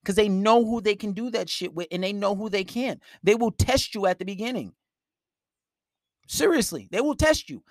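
A man's voice: high-pitched, normal speed, no room sound, clean studio sound. A man giving blunt, profane dating advice on a live stream, talking in an emphatic rant.

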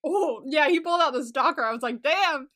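A young woman with a high, bright voice chats casually on a podcast. She is excitable, giggles often and swears freely. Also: quick pace. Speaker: podcast co-host. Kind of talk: casual chat.

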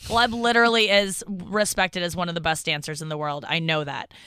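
Bright, clear-voiced woman podcast host. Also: on the low side, fairly even intonation, a little fast. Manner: rambling, self-deprecating, restarts often. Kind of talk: casual comedic podcast chat.

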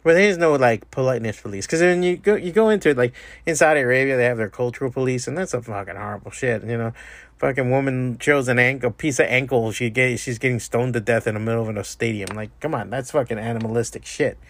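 A man's voice: mid-range voice, fast talker, gravelly, dry recording. A man hosting a solo podcast, delivering a profane, exasperated rant. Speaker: podcast host. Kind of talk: ranting solo podcast monologue.

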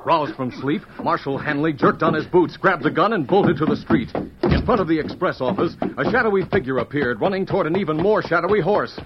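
A man's voice: on the high side, expressive, a little fast, noisy background. A man narrating a radio drama with dramatic, tension-building delivery. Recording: muffled old radio recording with music. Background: music.

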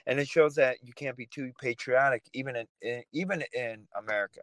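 A man who is a podcast guest, speaking passionately and getting animated, sometimes sarcastic. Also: mid-range voice, brisk, hardly any pauses, no room sound, poor audio. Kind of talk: casual talk show discussion.

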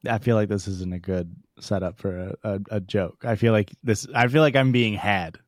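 A podcast co-host with a fairly low, fairly even voice speaks at a moderate pace, trading jokes, riffing and laughing often in casual banter. The recording is dry, with clean studio sound.

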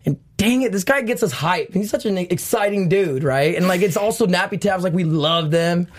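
A man, a dancer guest, telling animated stories in a casual interview, laughing often and acting out other people's lines. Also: high voice, moderate pace.

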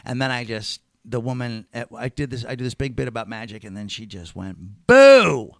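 A middle-aged man, a comedian guest, telling a rambling, animated story in casual chat and swearing freely. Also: medium pitch, brisk, gravelly, no room sound, clean studio sound.

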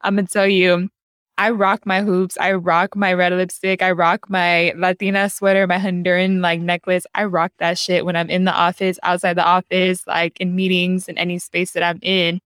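Low-voiced woman hosting a casual chat. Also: level tone, normal speed, a bit bright, clean tone, dry recording, clean studio sound.

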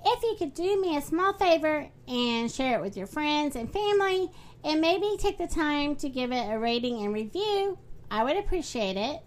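A woman hosting a children's story podcast, reading aloud in a friendly, animated way. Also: sits high, normal speed.

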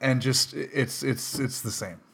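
A mid-pitched man from Canada chats as a podcast guest. His voice is ordinary in pitch, and he teases his hosts dryly while drawing out his stories. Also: vocal fry, fairly bright tone. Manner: dry, teasing, drawn-out storytelling. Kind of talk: casual chat.

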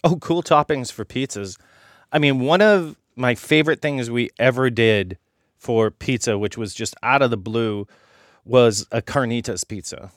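Middle-aged guy chef explaining stuff, keeps saying right?, dry studio sound, mid pitch. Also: measured pace, no room sound. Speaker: chef guest. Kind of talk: cooking demo chat. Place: radio studio.

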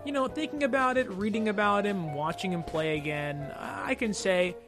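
A man's voice: high-pitched, normal speed, over music. A man hosting a casual sports talk show, giving strong opinions while often hedging and thinking aloud. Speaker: sports podcast host.

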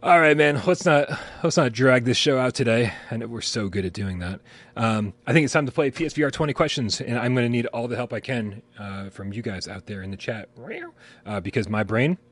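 A man's voice: mid-range voice, a little fast, fairly bright tone, no echo. Rambling swearing guy hosting a live show. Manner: rambling, swears casually, laughs often. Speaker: podcast co-host. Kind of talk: casual live-stream chat. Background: sirens outside.

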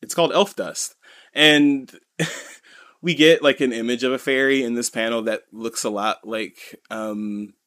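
A man's voice: mid-range voice, measured pace, fairly bright tone, no echo, studio quality. A man co-hosting a podcast, chatting casually as he retells a chapter in a rambling way, full of "you know" and "kinda.". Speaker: podcast co-host. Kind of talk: casual chat recapping a manga chapter.

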